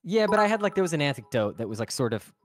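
A man's voice: a little high, sing-song, racing. A man, an actor, chatting as a guest on a stream, rambling and flustered. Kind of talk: casual chat.

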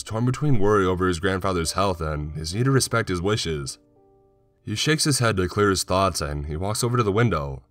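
A man narrating a horror story in a slow, measured way. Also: low voice. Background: soft music.

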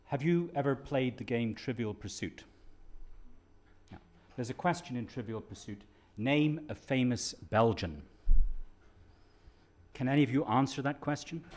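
A middle-aged man from Ireland speaks on a conference panel in a fairly low voice, lecturing like a professor. He lightens the material with wry, dry jokes. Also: darkish tone.

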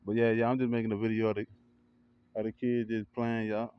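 A man vlogging casually in a backyard, hyping up what he sees with excited cheers and frequent laughs. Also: fairly low pitch, brisk, clear, resonant tone, lo-fi sound. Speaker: vlogger and kennel owner. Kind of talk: casual hype commentary. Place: outdoor backyard by a grill.

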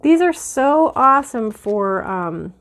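A middle-aged woman chatting excitedly while she shows off her finds and opens mail, a little teary-eyed. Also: on the high side, takes it slowly. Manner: chatty and excitable, with many fillers. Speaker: vlogger. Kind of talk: casual haul and mail-opening chat.

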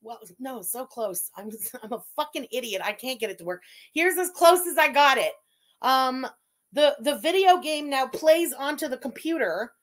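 A woman's voice: high voice, animated, normal speed, fairly bright tone. A woman hosting a casual livestream, venting with a lot of swearing and frustration before reading out viewers' messages. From Quebec, Canada. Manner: exasperated, profane, venting. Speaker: livestream host.

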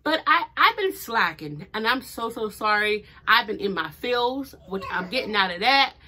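Her voice now fairly high and her pace moderate, the emotional young vlogger keeps talking about her small business through tears. She's animated, uses plenty of fillers, and delivers fervent inspirational declarations, with slight noise behind her.

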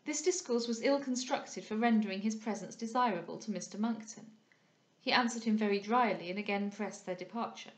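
A woman in her forties reading a classic novel aloud in a measured way, giving the quoted speakers their own tone. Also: medium pitch. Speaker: audiobook narrator. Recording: roomy echo.

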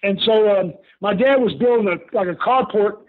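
A man's voice: high-pitched, moderate pace. An older man, a guest telling stories casually over the phone, acting out the people he quotes and laughing often. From Houston, Texas. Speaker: guest, former pro wrestler. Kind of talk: casual storytelling. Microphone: phone call. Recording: tinny phone line.

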